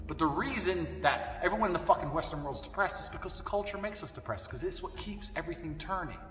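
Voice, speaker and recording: A man ranting bluntly and profanely, his voice high-set, bright and lively in pitch. He sounds off-mic in an echoey hall with a long reverb tail. Faint music plays under him. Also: distant mic. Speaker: speaker giving a self-help rant. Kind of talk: ranting monologue.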